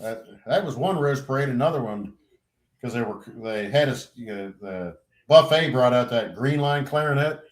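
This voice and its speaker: A middle-aged man in casual storytelling mode, animated and a little profane. He acts out other people's lines with sudden jumps in pitch and volume, then drops back to an easy, ordinary voice. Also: normal speed. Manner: animated storyteller, acts out quotes loudly, swears freely. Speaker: podcast co-host, veteran.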